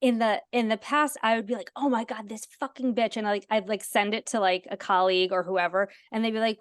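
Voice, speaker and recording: A woman's voice: mid-range voice, fairly quick, clear, resonant tone, no room sound, studio quality. A woman hosting a podcast, telling stories animatedly with many "like" fillers. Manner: animated storyteller, lots of "like" fillers. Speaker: podcast host. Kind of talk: casual chat.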